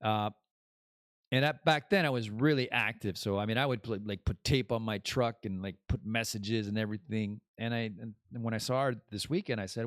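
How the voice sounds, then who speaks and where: A man with a lowish voice hosts his own podcast at a moderate pace, recorded in a clean studio with no echo. His casual monologue rambles from topic to topic, and he laughs at his own jokes.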